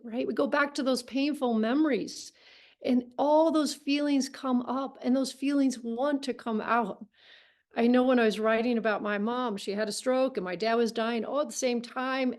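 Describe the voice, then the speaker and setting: A woman with a fairly high voice guides a writing workshop over a video call. She speaks gently and reflectively and keeps encouraging the group. Her tone is warm and reassuring as she invites everyone to write.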